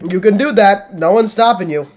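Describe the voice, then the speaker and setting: A man's voice: high voice, moderate pace, darkish tone. A male host of a live call-in debate stream, arguing bluntly and heatedly with frequent swearing.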